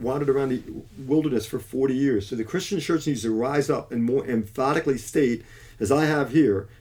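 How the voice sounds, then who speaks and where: A man with a dark, mellow voice preaches in an emphatic monologue. He often breaks off and restarts his sentences, then slows down to press his points home. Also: mid-range voice. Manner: emphatic, restarts and self-corrections. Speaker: Christian commentator.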